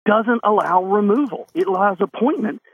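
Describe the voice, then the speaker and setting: A man's voice: high voice, normal speed, a little hiss or hum. A man, a state lawmaker calling into a radio talk show, speaking emphatically and answering his own rhetorical questions. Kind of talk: radio call-in interview. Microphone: phone. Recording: phone line into a radio show.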